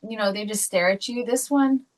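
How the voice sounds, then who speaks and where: A woman in her thirties co-hosting a podcast, telling a family story in a chatty, relaxed way with frequent laughter. Her voice sounds set back from the microphone. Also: mid-range voice, normal speed, far from the mic, low-quality recording. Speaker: podcast co-host. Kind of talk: casual chat.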